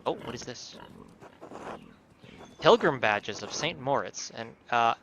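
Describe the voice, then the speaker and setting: Bright-voiced goofy male game streamer. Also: medium pitch, lively intonation, slow, slight background noise. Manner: goofy, self-mocking, swears freely. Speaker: gaming streamer. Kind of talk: casual let's-play commentary.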